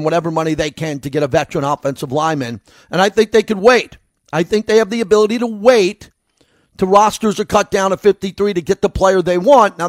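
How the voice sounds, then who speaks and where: A man's voice: sits high, dry recording. A man with a New York accent giving a solo sports commentary as host, in a conversational, rambling way.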